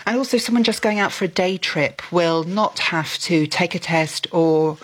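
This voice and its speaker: A news correspondent gives a measured, steady report in a radio bulletin. The voice sits in a middle pitch. The delivery is plain and informative. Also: poor audio. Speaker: social affairs editor.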